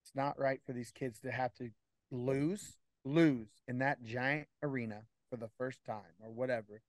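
A man co-hosts a coaches' podcast and talks earnestly, often repeating words as he finds his way into a sentence. His voice sits at an everyday pitch, and the sound is dry and close. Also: fairly even intonation, moderate pace, no echo. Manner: earnest, repeats words while searching for phrasing. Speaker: wrestling coach and podcast co-host. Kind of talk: casual podcast chat.

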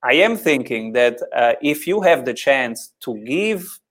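A man's voice: mid-range voice, sing-song, a bit bright. A man from Italy with an Italian accent, hosting a podcast interview and often restarting his words as he searches for phrasing. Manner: halting, repeats words while searching for phrasing. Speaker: podcast host. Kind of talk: interview conversation.

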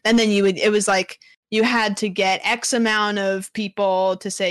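A woman's voice: mid-range voice, steady tone, a little slow, no room sound, studio quality. A young woman, a guest in a casual interview, telling stories in a chatty way with lots of filler words. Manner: chatty, lots of "like" fillers, acts out quoted voices.

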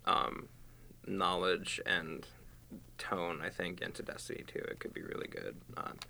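A man's voice: low-pitched, big pitch swings, measured pace, vocal fry, pushed and bright. A young man co-hosting a casual podcast, speaking hesitantly with trailing-off sentences. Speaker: podcast co-host. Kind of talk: casual chat.

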